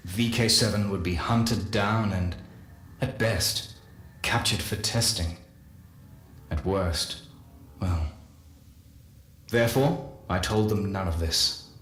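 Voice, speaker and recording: An actor playing a solemn male scientist narrating a game audio journal, measured and confessional. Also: on the low side, close to an everyday voice. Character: solemn male scientist recounting guilty secrets. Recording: echoey voice with faint music.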